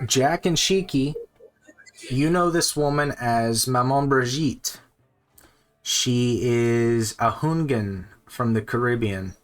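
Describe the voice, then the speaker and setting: A man running a tabletop game as game master, narrating scenes in slow, descriptive, pausing speech. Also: mid-range voice, soft background music. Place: home streaming setup.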